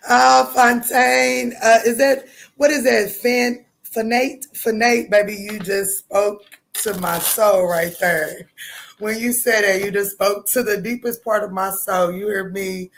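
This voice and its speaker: Woman, tarot reader livestream host, middle pitch, loud, profane, casual chat. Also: fairly even intonation, a little slow, gravelly. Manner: loud, bold and profane, laughing often, with sudden jumps in pitch.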